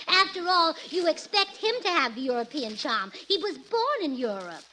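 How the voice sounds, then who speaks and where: A woman's voice: sits high, big pitch swings, normal speed, sharp tone, poor audio. A woman doing 1940s radio comedy, giggly and scatterbrained, on an old broadcast with faint hiss.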